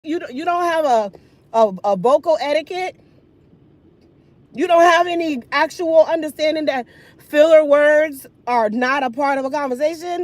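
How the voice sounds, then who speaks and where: A woman in her thirties ranting casually while getting ready, sassy and animated, talking with food in her mouth. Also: high-pitched, normal speed, no room sound. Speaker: hair care vlogger.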